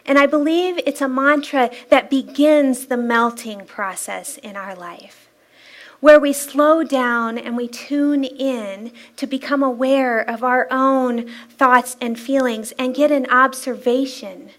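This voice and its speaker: A woman with a high, light voice gives a Sunday talk from the front of a church. She tells stories in a lively, playful way and laughs often between her points. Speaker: spiritual practitioner giving a Sunday talk. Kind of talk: inspirational sermon-style talk. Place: church sanctuary.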